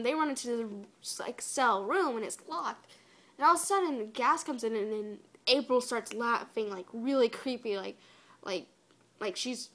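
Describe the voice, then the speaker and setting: A woman's voice: fairly high pitch, fairly bright tone. A woman giving a casual spoiler review of a cartoon episode, chatty and exasperated, full of "like" and whispered asides.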